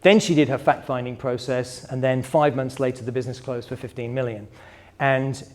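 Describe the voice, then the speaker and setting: A middle-aged man coaches business owners at a live workshop, in a voice of ordinary middle pitch. His delivery is conversational and wanders off on digressions. He talks straight to the people in the room. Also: steady tone, normal speed, darkish tone.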